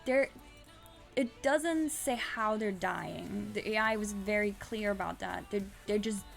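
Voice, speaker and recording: Woman, streamer, casual recap, rambling, swears a lot, gravelly, faint background music. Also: medium pitch, a little slow. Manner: rambling, frequent restarts and swearing.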